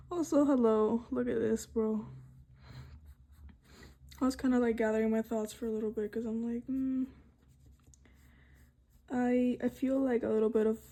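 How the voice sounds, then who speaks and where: A young woman in her twenties, an art student, chatting casually in soft ASMR style while painting, rambling to herself with lots of fillers. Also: fairly high pitch, fairly even intonation, measured pace, long pauses. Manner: rambling soft-spoken self-talk with frequent fillers.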